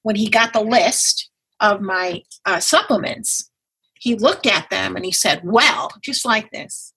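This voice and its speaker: A woman guest in a relaxed interview, speaking in a bright, forward voice with a husky edge. She tells her story with animation, and her voice leaps up whenever she acts out what people said. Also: measured pace, rough recording. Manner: animated, acts out quoted dialogue with big pitch jumps. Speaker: guest, patient advocate.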